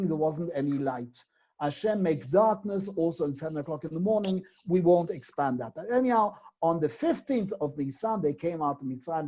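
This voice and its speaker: A man teaches a Torah lesson in a mellow, warm voice. He builds his point step by step and keeps asking rhetorical questions. The recording is dull and lo-fi. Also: high voice.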